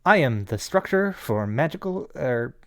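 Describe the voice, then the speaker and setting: Brief: a man doing a calm construct assistant with clipped, formal, machine-like replies. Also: medium pitch, a little slow.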